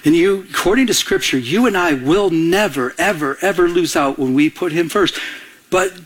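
A man's voice: fairly high pitch, moderate pace. A man preaching a sermon as a pastor, telling personal stories and acting out the voices of the people in them. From Michigan. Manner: storytelling, acts out quoted voices.

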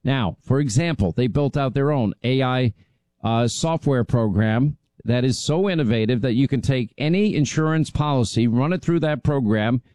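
A man's voice: medium pitch, moderate pace, warm tone, no room sound. A man, the show's host, reading a sponsor ad in a loose, conversational way, with fillers and restarts. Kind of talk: conversational live-read ad.

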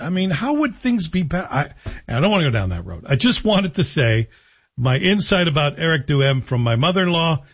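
Middle-aged male talk radio host, slightly husky voice, wry and sarcastic, on a dull lo-fi recording. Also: fairly high pitch. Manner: sarcastic, joking asides. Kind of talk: radio monologue.

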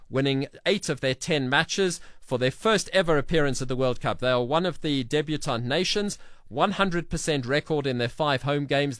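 A man's voice: a little high, fairly bright tone, no echo, clean studio sound. A man hosting a radio sports show, reading listener messages and quiz answers aloud in a chatty way. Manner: chatty, reads names and quiz answers briskly.

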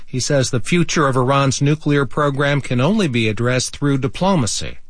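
A man reading a radio newscast in a measured, even way from a studio. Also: mid-range voice. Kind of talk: news reading. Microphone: studio microphone. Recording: dry studio sound.

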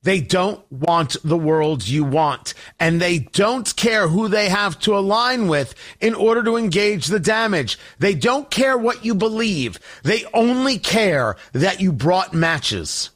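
A man hosting a talk radio show, delivering opinionated commentary in an emphatic, deliberate way with sarcastic asides. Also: sits high, animated, a bit bright.

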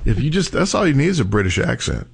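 Joking, animated male radio host. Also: medium pitch, gravelly, breathy edge. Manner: joking, animated, quick to laugh. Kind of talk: casual radio banter.

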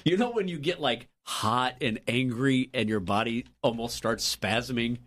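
A man co-hosting a radio morning show, telling stories casually and jumping up in pitch when he quotes people. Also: measured pace. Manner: animated, jumps up in pitch for quoted lines. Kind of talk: casual storytelling chat. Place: radio studio.

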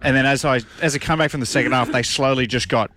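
A man's voice: mid-range voice, fairly even intonation, fast, sharp tone. A man co-hosting a radio show, telling self-mocking stories. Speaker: co-host. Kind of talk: radio talk show banter.

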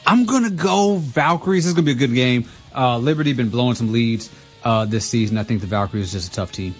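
A man's voice: medium pitch, expressive, fast talker, breathy edge, faint music behind. A man guesting on a sports radio show, easygoing and agreeable in casual chat.

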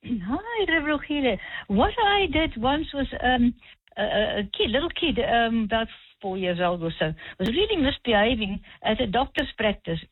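Woman caller, husky, hesitant, tinny phone line. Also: fairly high pitch, animated, dry recording. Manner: measured, hesitant, with many ums. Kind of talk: phone-in storytelling.

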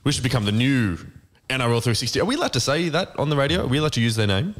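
A man's voice: mid-range voice, big pitch swings, racing. A man with an Australian accent co-hosting a radio show in casual chat, bantering and arguing back with laughs. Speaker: radio co-host.

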